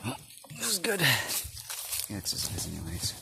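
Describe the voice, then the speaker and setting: A man in a casual vlog, rambling with many fillers, laughing often and drifting between loud and murmured talk. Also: fairly low pitch, wildly swooping pitch, normal speed, gravelly. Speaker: vlogger. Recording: background noise.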